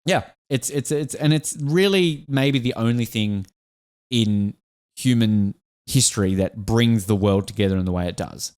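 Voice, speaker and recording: A man's voice: lowish voice, measured pace, darkish tone, clean tone. An Australian man hosting a podcast, chatting casually and with enthusiasm, getting emotional and restarting his sentences often. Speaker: podcast host.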